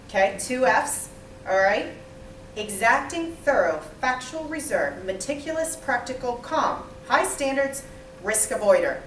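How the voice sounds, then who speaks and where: A woman leading a small interactive training session, lively and quizzing the group. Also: a little high, slight background noise. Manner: lively, asks the group questions, acts out types. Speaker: workshop trainer. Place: small training room with a few participants. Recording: echoey room, mic far off.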